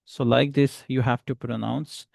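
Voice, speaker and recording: Male English teacher, slow and gravelly, dry close sound. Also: mid-range voice, steady tone, darkish tone, no room sound. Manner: slow, patient, repeats example phrases. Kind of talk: beginner English lesson.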